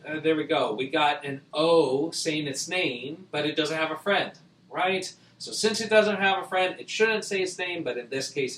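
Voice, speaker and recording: A man's voice: high voice, fairly bright tone, slightly rough. A man teaching a spelling lesson, patiently explaining rules and sounding out each letter. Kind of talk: spelling tutorial.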